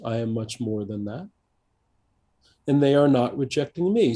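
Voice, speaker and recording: Older American male coach, mellow and dark-toned, thoughtful interview talk, halting with fillers and restarts. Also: medium pitch. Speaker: coach, podcast guest. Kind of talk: conversational interview.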